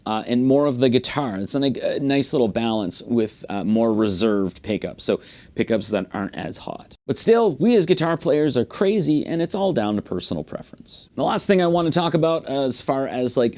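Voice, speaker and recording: A man reviewing a guitar in a relaxed, rambling way, with frequent fillers and restarts. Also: mid-range voice. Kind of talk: casual gear review. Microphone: studio condenser mic.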